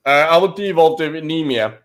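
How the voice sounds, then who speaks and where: A man with a Danish accent chats casually while playing a strategy game, pausing and restarting as he thinks things through. His voice sits a little high for a man. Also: lively intonation, fairly bright tone. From Denmark. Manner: thinking aloud, hesitant restarts. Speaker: co-host. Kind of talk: casual game-stream chat.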